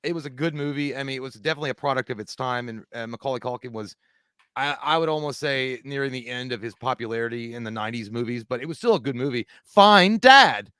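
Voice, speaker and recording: A man's voice: medium pitch, fairly even intonation, quick pace, a bit bright, clean tone, dry recording, clean studio sound. A man co-hosting a live-streamed movie chat, rambling casually and quoting film lines. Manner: rambling, quotes movie lines in put-on voices. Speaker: podcast co-host.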